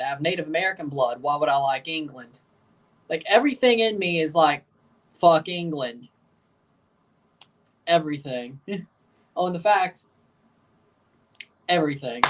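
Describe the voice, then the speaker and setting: A man's voice: fairly high pitch, distant mic. A man hosting a live watchalong stream, chatting casually and rambling, often repeating himself and chuckling. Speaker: livestream watchalong host. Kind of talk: casual live reaction chat.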